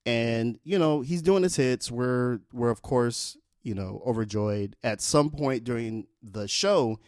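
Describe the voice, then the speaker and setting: A man in his forties tells a story in a loose, rambling way, filling pauses with ums and uhs. His voice sits at an ordinary middle pitch. The recording is close and dry, with no room sound. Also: no room sound. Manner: relaxed, rambling, with frequent fillers. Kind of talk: casual spoken anecdote.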